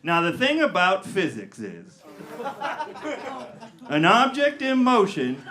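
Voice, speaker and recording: A man's voice: high voice, huge pitch swings, slow pace, bright, forceful tone. A man performing a stand-up comedy set, telling a story with crowd work and acted-out voices in a comedy theater. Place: comedy theater with live audience.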